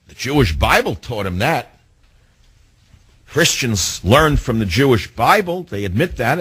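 Combative husky-voiced talk radio host. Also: male voice, mid-range voice, fairly bright tone, no echo. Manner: combative, sarcastic, rhetorical questions. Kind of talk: political talk radio monologue.

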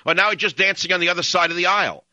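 A man's voice: sits high, very fast, sharp tone, dry recording. A man hosting a talk radio show, ranting and sarcastic as he cuts in on callers. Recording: dull lo-fi broadcast audio.

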